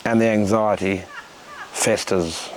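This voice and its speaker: A man's voice: fairly low pitch, fairly even intonation, a little hiss or hum. A middle-aged Australian man from Western Australia reads his own poetry, with blunt, crude asides between poems. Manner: slow, deliberate recitation with blunt, crude asides. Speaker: poet. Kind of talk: poetry reading with spoken asides.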